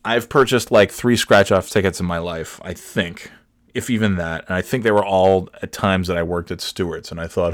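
A man's voice: low-pitched, moderate pace, a bit bright, dry recording, studio quality. A man in his forties hosting a solo comedy podcast, rambling from one tangent to the next, cursing and restarting his sentences. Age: 40s. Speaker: podcast host.

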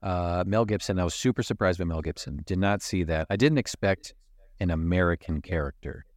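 A man with a fairly low voice chats loosely about a film he just watched, joking and swearing as he goes. The sound is dry and close, with no room around it. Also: a little fast, dry recording. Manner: rambling, joking, swears freely, laughs often. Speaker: podcast co-host. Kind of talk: casual movie-review chat.

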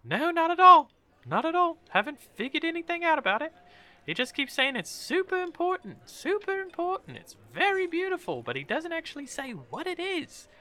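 A sassy dragonborn lady with a bright, bouncy voice that swoops high as she teases and gossips, as a man puts her on. She flirts brashly in a tabletop fantasy game. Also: big pitch swings, normal speed, heavily acted. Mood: gossipy. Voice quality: teasing, brash.

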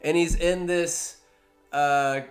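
A man's voice: on the high side, fairly even intonation, takes it slowly, smooth, faint music behind. A man giving a rambling comic movie recap, full of jokey asides and self-interruptions.

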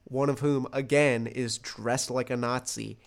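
A young man co-hosting a podcast, recounting a wild night in a loose, rambling way. He swears freely and laughs through his own story. His voice sits at an ordinary middle pitch. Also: steady tone, unhurried, gravelly, slight background noise. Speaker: podcast co-host. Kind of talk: casual storytelling chat. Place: Los Angeles.

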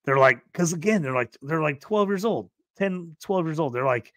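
A man hosting a casual movie review podcast, animated and laughing, acting out quotes in the talk. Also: a little high, normal speed, dry recording. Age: adult who grew up in the eighties. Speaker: podcast host.

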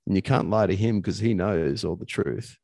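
A man's voice: deep voice, moderate pace, creaky, darkish tone, dry recording. A man, a coach and podcast guest, talking earnestly and emphatically in casual conversation, swearing now and then.

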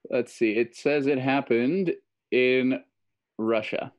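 A man co-hosts a casual podcast from a video call and runs a little headline-guessing game. His voice sits at an ordinary middle pitch, and his tone is easygoing. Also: fairly even intonation, slow, dull audio. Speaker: podcast co-host.

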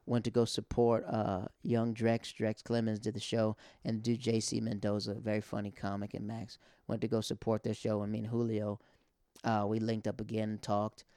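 Speaking in a clear, resonant, darkish mid-range voice, a young male comic and podcast host rambles through a casual monologue. It's conversational and full of fillers, recorded on a dry close mic with no room sound.

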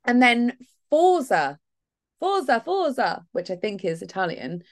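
A woman co-hosting a podcast in casual chat, animated and laughing often, mimicking others. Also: fairly high pitch, measured pace. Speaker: podcast co-host.

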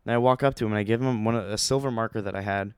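A young man telling a rambling, excitable story in a casual vlog, with many fillers and restarts. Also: fairly low pitch, very fast, clear, resonant tone, no echo, studio quality.

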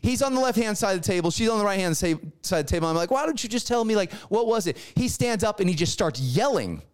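Brief: middle-aged man, pastor, high-pitched voice, animated storytelling sermon. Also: fast, clean tone. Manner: animated storyteller acting out dialogue.

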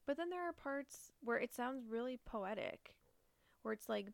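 A woman's voice: on the high side, lively intonation, moderate pace, gravelly, no room sound. A young woman co-hosting a casual podcast, chatty and thinking aloud with lots of rhetorical questions. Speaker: podcast co-host. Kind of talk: casual true-crime chat.

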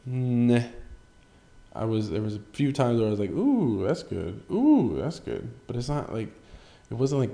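A man's voice: medium pitch, mellow. A man hosting a solo podcast in casual chat, rambling, swearing freely and joking at his own expense. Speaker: podcast host.

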